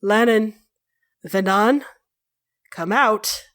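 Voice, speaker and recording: A woman's voice: drawn-out words, dry recording, studio quality. A woman voicing Solas, a sorrowful elf god. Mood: wounded. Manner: low, soft and weary. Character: brooding ancient male elf god, sorrowful and ruthless.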